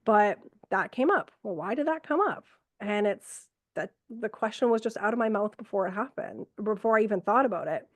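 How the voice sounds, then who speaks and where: A middle-aged woman, an ER nurse from Canada, telling stories from work in a lively conversational way, acting out what she and others said. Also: mid-range voice, normal speed, no room sound. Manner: animated, quotes herself and others, frequent fillers. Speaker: ER nurse, podcast guest. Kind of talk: conversational storytelling.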